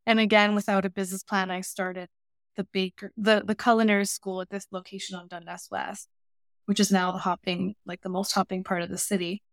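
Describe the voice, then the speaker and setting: Woman, interview guest; animated storyteller, dry close sound. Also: mid-range voice, fairly quick, no room sound. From Canada. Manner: lively anecdotal storytelling with voiced asides. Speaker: podcast guest, baker and cooking teacher.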